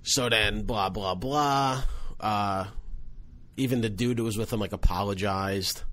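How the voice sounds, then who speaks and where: A man hosting a podcast, telling a comedy club story in a loose, animated way and swearing freely. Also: fairly low pitch, unhurried. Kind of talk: casual storytelling chat.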